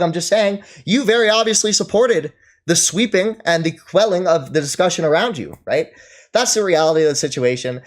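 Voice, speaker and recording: Mocking male streamer with lively pitch. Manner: mocking, scornful, laughs often. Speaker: streamer reacting to chat. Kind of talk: livestream commentary.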